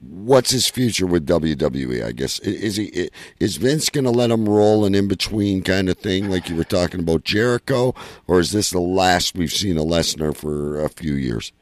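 A man hosting a podcast in casual chat, excitable and stammering, swearing now and then. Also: deep voice, moderate pace, few pauses, no room sound. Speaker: podcast host.

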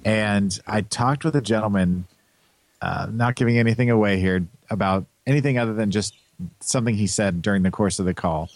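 American dude cohosting a podcast, lowish voice, chatty storyteller, dry mic. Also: male voice, fairly quick, dry recording. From United States. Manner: chatty, animated anecdote teller. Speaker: podcast co-host. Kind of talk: casual chat.

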